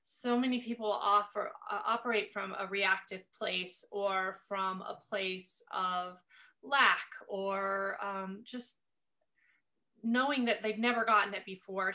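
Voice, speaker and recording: A woman hosts an interview podcast in a casual, reflective way. Her voice is bright and a little tense. It has a gravelly, vocal-fry edge as she talks. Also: medium pitch. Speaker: podcast host.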